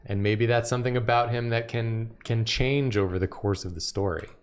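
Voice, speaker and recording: A man's voice: medium pitch, normal speed, clean tone. A man co-hosting a drawing lesson, brainstorming ideas and joking around in casual chat. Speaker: co-host.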